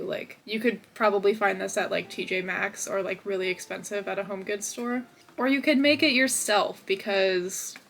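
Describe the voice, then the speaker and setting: A woman's voice: medium pitch, a bit bright, a little hiss or hum. A young woman hosting a crochet video, chatting casually and upbeat from her home office with lots of fillers. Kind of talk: casual vlog chat.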